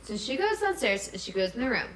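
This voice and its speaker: A woman's voice: on the high side, sing-song, fast talker, a bit bright, slight background noise. Woman host, gossipy comic storyteller, echoey room. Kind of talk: comic drunk-history retelling.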